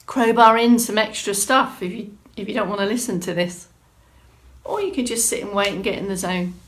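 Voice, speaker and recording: A woman exercise instructor hosting a live-streamed movement class, chatting through viewer comments and giving encouraging prompts. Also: medium pitch. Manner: encouraging, gives clear prompts.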